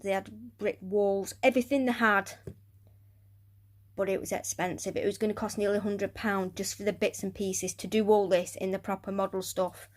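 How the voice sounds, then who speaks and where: A woman chatting casually through a hobby build of a tarantula enclosure, rambling and often dropping to quiet muttering and whispers as she works. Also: medium pitch. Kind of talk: casual crafting vlog narration.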